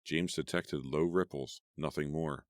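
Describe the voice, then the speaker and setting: A man narrating a horror audiobook in a steady, measured storytelling voice. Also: a bass voice, no room sound, studio quality.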